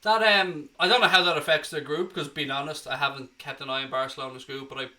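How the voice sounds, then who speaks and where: Bright, chatty Irish man hosting. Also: fairly high pitch, fairly even intonation, fast talker. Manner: chatty, cheeky, reads out viewer comments. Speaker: host. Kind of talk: live football watchalong chat.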